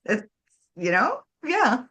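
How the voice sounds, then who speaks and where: A woman chatting casually about spirituality, animated, laughing often and acting out voices. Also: sits high, slow.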